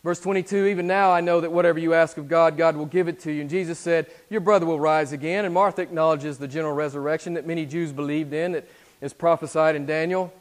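A man preaching a sermon as pastor, moving between quiet, intense passages and loud exhortations. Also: fairly high pitch, steady tone, quick pace. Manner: swings from hushed to loud exhortation.

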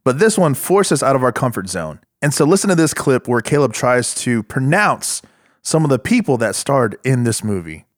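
An American man co-hosting a podcast, delivering jokes in a deadpan, drawn-out way. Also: medium pitch, no room sound, studio quality. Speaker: podcast co-host. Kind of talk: casual chat.

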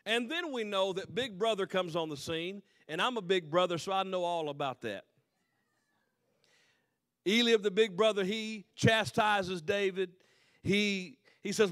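A man preaching a sermon, reading scripture slowly and with emphasis, then retelling it in loose everyday talk. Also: sits high, fairly bright tone, dry recording, clean studio sound. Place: church.

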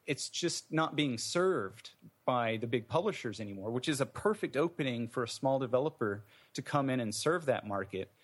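Speaking animatedly at a moderate pace with hardly any pauses, a man with a mid-range voice gives an interview about his indie game development. His answers are thoughtful but wandering, full of fillers and restarts.

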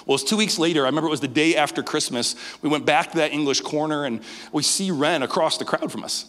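A man as guest pastor telling a story in a sermon, animated, often stammering over repeated words. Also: on the high side, quick pace. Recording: long hall reverb.

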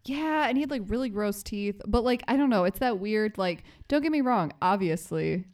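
A woman's voice: medium pitch, expressive, moderate pace, darkish tone. A woman co-hosting a casual true-crime podcast, sarcastic and full of "like" fillers. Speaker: podcast co-host.

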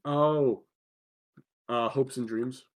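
A mid-pitched man trades quick jokes and asides in a relaxed podcast conversation. His voice sits in an ordinary middle range. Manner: joking, quick quips. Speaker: podcast co-host. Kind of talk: casual chat.

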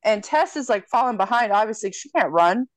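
Speaking briskly in a mid-range voice with no echo, this podcast co-host chats casually through a film's plot. Her retelling is animated and full of profanity, and she performs the characters' lines in different voices.

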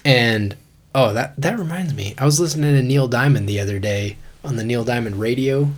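A man's voice: mid-range voice, a little fast. A man in his forties, co-hosting a podcast in casual chat, telling stories in a laid-back way and calling his friends dude and bro. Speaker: podcast co-host.

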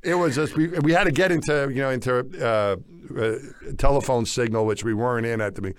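A man's voice: medium pitch, brisk, clear, resonant tone. A man in casual chat as podcast co-host, talking in a rambling way with many restarts and fillers. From United States.

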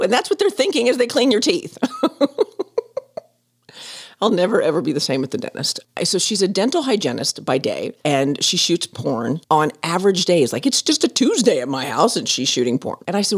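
Lively, laughing woman storyteller. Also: fairly low pitch, normal speed, breathy edge. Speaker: podcast host. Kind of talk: casual storytelling.

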